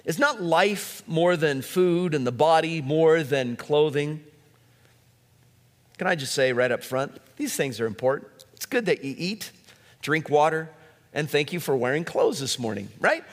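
Pastor preaching in a reverberant sanctuary. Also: male voice, fairly high pitch, animated, normal speed. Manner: conversational preaching with asides and anecdotes. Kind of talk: sermon. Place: church sanctuary. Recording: long hall reverb.

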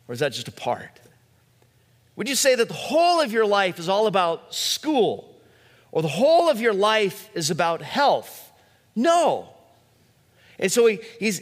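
Pastor preaching in a reverberant sanctuary. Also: male voice, sits high, fairly bright tone. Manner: conversational preaching with asides and anecdotes. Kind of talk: sermon. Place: church sanctuary. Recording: long hall reverb.

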